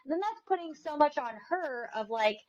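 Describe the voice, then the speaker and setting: A woman in her thirties hosting a casual podcast chat, animated and laughing often as she acts out her own past words. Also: sits high, moderate pace, a crowd in the background. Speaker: podcast host. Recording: dull lo-fi sound.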